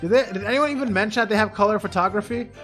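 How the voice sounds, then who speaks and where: A man's voice: high-pitched, racing, fairly bright tone, faint music behind. A young man playing a game, reacting in casual, incredulous let's-play chat with frequent swearing. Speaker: gaming streamer.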